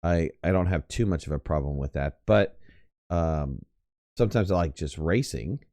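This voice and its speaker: Male game streamer, deep mellow voice, unhurried rambling delivery full of stumbles and fillers. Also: lively intonation, dry recording. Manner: rambling and hesitant, many fillers and stuttered restarts. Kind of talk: casual live-stream chat while gaming.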